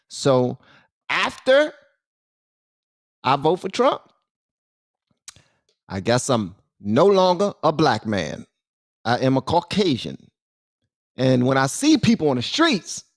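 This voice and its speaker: A man's voice: mid-range voice, no echo, clean studio sound. A man hosting casual political commentary, joking and using slang as he talks straight to his viewers.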